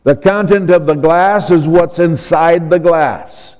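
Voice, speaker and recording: Man, preacher, sermon, very slow, deliberate, long hall reverb. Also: fairly high pitch, darkish tone. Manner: slow and deliberate, spelling out words.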